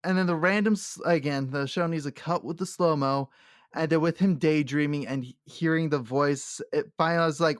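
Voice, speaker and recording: A man co-hosting a casual podcast who laughs often and acts out quotes from the show in animated bursts. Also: fairly high pitch, brisk, no room sound, studio quality. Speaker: podcast co-host. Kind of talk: casual chat.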